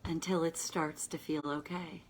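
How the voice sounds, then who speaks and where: A woman coach talks to her viewers in a relaxed, conversational livestream style. Her voice sits a little low, and at times she lowers it to a soft, reassuring whisper. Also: a little slow, husky, low-quality recording. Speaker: self-help coach and host.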